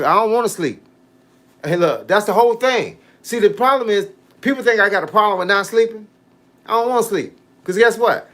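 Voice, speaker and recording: Man in his fifties, boxing coach, livestream chat, fairly high voice, animated, slangy, preachy advice. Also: brisk. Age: 50s. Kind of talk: casual livestream chat reading comments.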